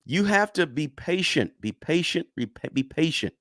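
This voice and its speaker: A man's voice: fairly high pitch, sing-song, moderate pace, a bit bright, no echo. Chatty middle-aged man, dry close sound. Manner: repetitive, emphatic, tags lines with "right?"; chatty and encouraging toward viewers. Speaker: livestream host teaching investing. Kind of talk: casual livestream lesson, reading chat.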